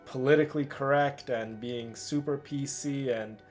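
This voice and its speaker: Soft music sits under a man's medium-pitched voice, which keeps a fairly even intonation and a moderate pace. Tired and heartfelt, he stammers and repeats himself as he talks emotionally with his livestream audience.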